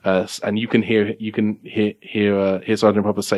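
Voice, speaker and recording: A man narrating as game master of a tabletop game, halting and restarting as he describes scenes, recorded at a game café. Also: lowish voice, flat delivery, darkish tone.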